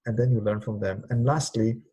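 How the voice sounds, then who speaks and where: A middle-aged man from Singapore, a guest in an interview, telling stories in a lively way and sometimes crying out sounds. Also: fairly low pitch, fairly quick, slightly rough, muffled recording. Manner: animated, cries out sounds when telling stories. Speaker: interview guest, speaker on leadership. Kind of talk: conversational storytelling interview.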